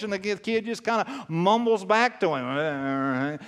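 A man's voice: high voice, normal speed, hardly any pauses. Emphatic male pastor preaching in a hall. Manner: emphatic, repeats phrases, animated storytelling. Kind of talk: sermon.

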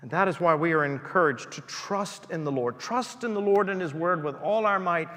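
A man's voice: on the high side, moderate pace, a bit bright. Emphatic male preacher in echoey church. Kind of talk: sermon.

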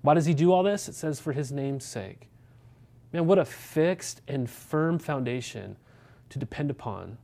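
A man's voice: medium pitch, animated, a little slow, creaky, warm tone. A man, a pastor preaching a sermon in a conversational way, asking many rhetorical questions and checking in with the congregation.

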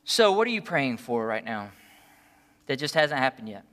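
A man preaching a sermon as a pastor, earnest and pleading, moving between quiet, soft passages and impassioned ones. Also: mid-range voice, big pitch swings, normal speed.

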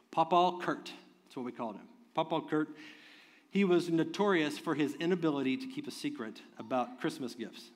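A man preaching a sermon as pastor, moving from soft, tender talk to loud, fervent preaching, with chuckles along the way. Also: fairly high pitch. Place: church sanctuary. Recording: long reverb of a large hall.

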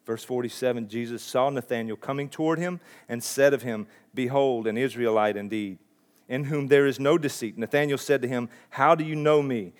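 A man's voice: mid-range voice, moderate pace. A male pastor delivering a sermon with a mid-range voice. He talks in an earnest, conversational way and often restarts his phrases as he goes.

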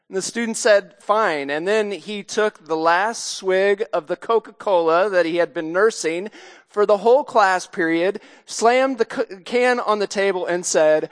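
Man, pastor, high voice, storytelling sermon, long church reverb. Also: moderate pace, smooth. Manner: storytelling, sings snatches of a jingle. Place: church sanctuary.

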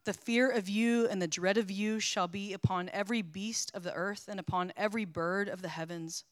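A woman's voice: mid-range voice, no echo. Woman reading scripture, dry close sound. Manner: measured, even reading. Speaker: scripture reader.

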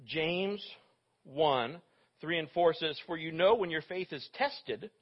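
A man's voice: a little high, expressive, takes it slowly, husky. A male pastor preaching a sermon in a conversational way, with joking asides to his congregation. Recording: dull lo-fi recording.

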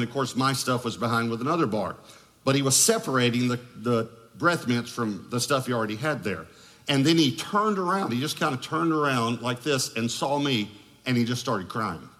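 A pastor preaching to his congregation, with a middle-pitched voice. He tells stories with quick joking asides, and his voice carries a long reverb off a large hall. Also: fairly bright tone. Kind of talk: sermon. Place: large church auditorium.

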